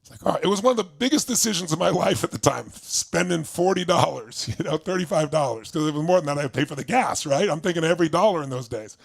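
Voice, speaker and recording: A motivational speaker, a man, tells a personal story to an audience in an energetic way and acts out the voices of the people in it. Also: on the high side, fast, vocal fry, few pauses.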